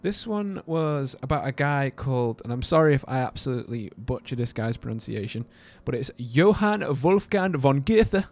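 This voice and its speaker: A man's voice: medium pitch, brisk, hardly any pauses. A man co-hosting a casual podcast, telling a story in a jokey, rambling way. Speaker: podcast co-host.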